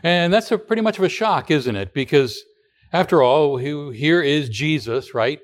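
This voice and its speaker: A man's voice: a little high, expressive, normal speed. A man giving a radio sermon as pastor, talking in a conversational way with rhetorical questions and frequent restarts.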